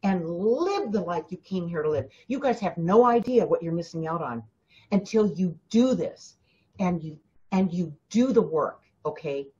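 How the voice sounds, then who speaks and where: A woman's voice: on the low side, lively intonation, normal speed, mellow, lo-fi sound. A woman hosting a spiritual coaching talk, speaking emphatically to her listeners, often repeating herself and addressing them directly. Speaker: spiritual teacher and host.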